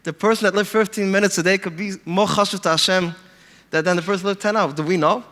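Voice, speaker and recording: A man telling stories in an animated way, mixing in Yiddish phrases and acting out the people he quotes. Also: sits high, fast, long reverb tail. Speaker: podcast guest speaker. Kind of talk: storytelling talk.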